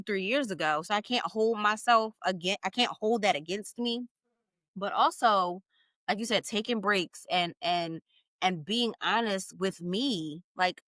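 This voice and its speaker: A woman in her thirties hosting a podcast, talking in an emphatic, encouraging and animated way in a casual heartfelt conversation. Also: mid-range voice, no echo. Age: 30s. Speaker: podcast host.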